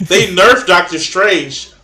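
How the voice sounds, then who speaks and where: A man's voice: high voice, lively intonation, slow, a crowd in the background. Blunt, swearing man in an echoey room. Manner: blunt, profane, opinionated. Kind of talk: casual chat.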